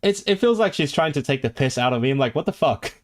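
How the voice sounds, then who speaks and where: A man's voice: fairly high pitch, expressive, fast talker. A man hosting a casual language-learning livestream. He rambles and restarts often, reads viewers' chat messages aloud, and talks eagerly about languages. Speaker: language streamer.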